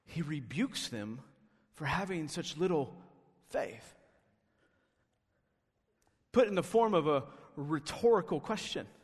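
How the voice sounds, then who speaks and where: A man with a high voice delivers a sermon at an unhurried pace. He preaches emphatically, pressing his listeners with rhetorical questions. His voice carries a long hall reverb from a church sanctuary. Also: expressive, slightly rough. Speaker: pastor.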